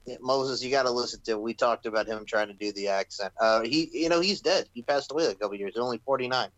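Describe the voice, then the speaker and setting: A man hosts a casual wrestling podcast in an everyday voice. He talks in a chatty way and is quick to crack jokes. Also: mid-range voice, a bit bright, highs cut off. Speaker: podcast host.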